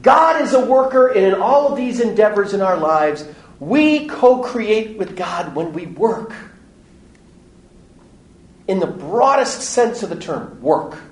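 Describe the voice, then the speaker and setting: A man giving a parish Bible study talk, animated and joking, acting out little voices in his stories. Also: high voice, slow pace, echoey room. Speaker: parish teacher. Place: parish hall or church.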